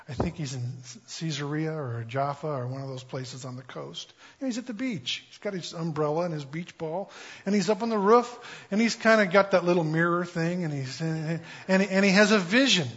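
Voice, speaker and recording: A man's voice: a little high, fairly bright tone, slightly rough. A man preaching a conversational Bible-teaching sermon in a casual, humorous way, with lots of fillers. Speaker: pastor. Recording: dull lo-fi recording.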